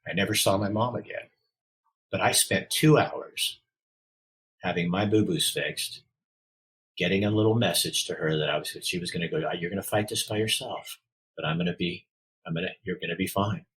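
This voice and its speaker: A man's voice: deep voice, moderate pace, long pauses, a bit bright, slightly rough, rough recording. A middle-aged man telling a personal story as a podcast guest. He speaks from the heart and often halts and restarts his sentences.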